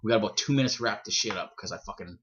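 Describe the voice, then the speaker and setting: A man's voice: on the low side, rapid-fire, a bit bright. A man co-hosting a comedy podcast in casual chat, teasing and swearing a lot. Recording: muffled lo-fi recording with faint noise.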